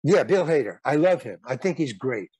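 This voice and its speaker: A man's voice: medium pitch, big pitch swings, moderate pace, a little mellow, breathy edge, no echo. A man in his eighties, a guest actor and comedian, telling casual anecdotes in a rambling way, with repeated words, restarts and some blunt swearing.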